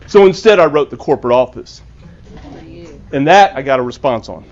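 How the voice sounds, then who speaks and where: A man's voice: medium pitch, expressive, normal speed. A man, an author, giving a storytelling talk to a club, earnest and acting out the dialogue. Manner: earnest, acts out quoted dialogue. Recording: dull lo-fi recording.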